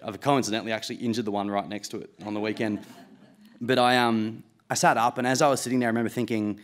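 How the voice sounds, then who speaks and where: A man's voice: lowish voice, level tone, quick pace. A man in his late twenties with an Australian accent, telling a true story live on stage in a casual, self-mocking way, with swearing and laughs.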